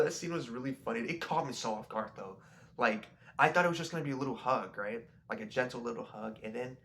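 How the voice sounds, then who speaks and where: A young man with a gravelly, creaky edge talks in a loose, rambling way about a movie. His pitch sits in an ordinary middle range. He keeps breaking off and restarting his sentences as his thoughts run on. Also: normal speed, a bit bright, a little hiss or hum. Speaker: video creator. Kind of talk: casual rambling movie review.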